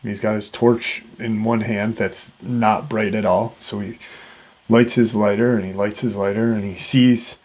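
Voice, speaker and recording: A man narrates a strange encounter for his paranormal channel, pausing often and restarting his sentences. He speaks slowly, and his voice sits fairly low. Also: steady tone, a little mellow. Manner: halting, with many fillers and restarts. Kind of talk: retelling a witness encounter.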